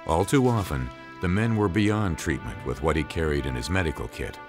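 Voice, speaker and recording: A man narrates a history documentary in an extremely deep, low voice. His delivery is measured and solemn, and music plays clearly underneath him. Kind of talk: scripted narration.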